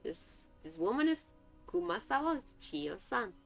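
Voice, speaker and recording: Lively woman streamer reading a visual novel. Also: a little high, a little slow, creaky. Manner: chatty, laughing asides. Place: home streaming setup. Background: faint background music.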